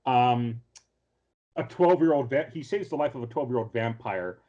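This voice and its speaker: A male podcast co-host recaps an anime episode casually, his storytelling wandering and packed with fillers and restarts. He speaks in a mid-range, dark-toned voice at a moderate pace, and the sound is lo-fi.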